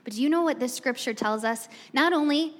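A high-pitched woman preaches at a fairly quick clip, turning the story into a chatty retelling aimed straight at the congregation. It's a conversational sermon, recorded with long hall reverb.

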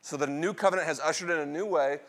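A middle-aged man preaching a sermon, asking the congregation questions and answering them, with dramatic swings between loud bursts and quiet, low asides. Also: fast talker. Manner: call-and-response questions, dramatic swings in pitch and loudness. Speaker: pastor.

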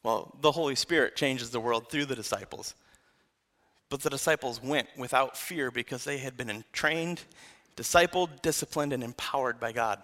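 A young man preaching a sermon in a casual, animated way, often saying "like" between thoughts. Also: mid-range voice, normal speed.

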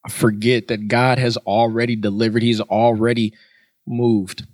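A man's voice: mid-range voice, level tone, measured pace, a little mellow, no echo, studio quality. A man preaching a sermon in an earnest way, repeating his points for emphasis.

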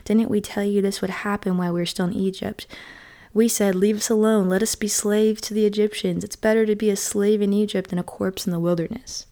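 A woman giving a casual devotional talk and reading scripture aloud, often dropping into a soft, whispery, slowed delivery on key phrases. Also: mid-range voice, fairly even intonation. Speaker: devotional speaker.

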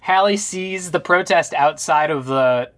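A man's voice: on the high side, a little slow. A man co-hosting a podcast, sarcastically recapping a movie in casual chat and mimicking the characters. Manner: sarcastic, animated retelling with put-on quotes. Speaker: podcast co-host.

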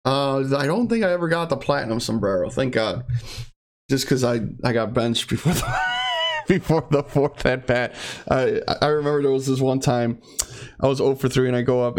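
A man's voice: mid-range voice, a little mellow. A young man giving a blunt, profane pep-talk rant in a casual monologue.

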